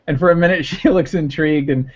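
A man's voice: a little high, moderate pace, slightly rough. A man narrating a tabletop game as game master, hesitant and laughing often, heard on a muffled lo-fi recording.

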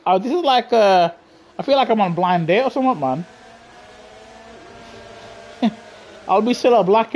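A man's voice: high voice, a little mellow, slight background noise. A young man, streaming live racing gameplay and teasing the players in his lobby, laughing often and full of slang. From England. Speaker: gaming streamer.

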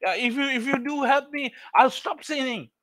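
Man acting out a frantic faller on a cliff, begging and stammering, pitched high. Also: animated, normal speed, fairly bright tone, dry recording, full character voice. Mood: pleading. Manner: desperate pleading, stammering. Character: panicked man clinging to a cliff bush.

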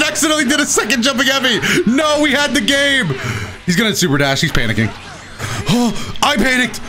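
A young man giving excitable live commentary on his own fighting game matches, talking to himself and laughing at his own mistakes. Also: very high voice, brisk, music in the background. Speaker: gaming commentator.

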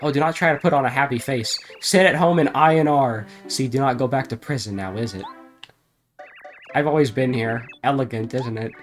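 A man's voice: mid-range voice, fairly quick, soft background music. Man reading garbled game dialogue aloud. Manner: reads deadpan, breaks into laughter.

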